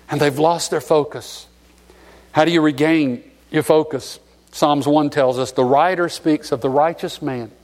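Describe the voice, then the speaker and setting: A man's voice: on the high side, darkish tone. A middle-aged man from Alabama preaching a sermon, sentimental and emotional as he tells stories. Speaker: pastor.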